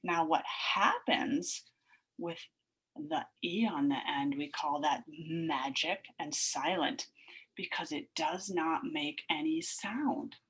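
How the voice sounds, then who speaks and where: Slow, husky woman teacher sounding out words. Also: low-pitched, a bit bright. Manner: slow, sing-song, sounds out word chunks. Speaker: elementary school teacher. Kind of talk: recorded phonics lesson for children.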